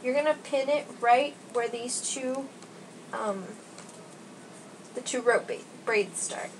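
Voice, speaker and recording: Taking it slowly in a fairly high voice, a young beauty vlogger chats through a casual hair tutorial at home. She is a little out of breath, pokes fun at herself, and rambles with many "likes." There's slight background noise on a rough recording.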